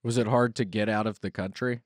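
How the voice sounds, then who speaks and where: A man's voice: fairly low pitch, steady tone, no room sound. Man, podcast host, teasing banter, dry close studio sound. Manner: playful, teasing, quick asides. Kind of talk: casual comedy podcast chat.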